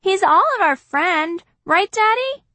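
A woman's voice: very high-pitched, expressive, measured pace, sharp tone, no echo, voice pushed up, exaggerated voice. A woman voicing an eager young girl, the little sister, in a chirpy, insistent way.

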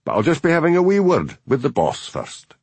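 A man's voice: a little high, huge pitch swings, fairly quick, breathy edge, no echo, pitched above the performer's own voice, exaggerated voice. A man voicing a bullying, hard-drinking Scottish detective chief inspector who blusters and threatens. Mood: blustering.

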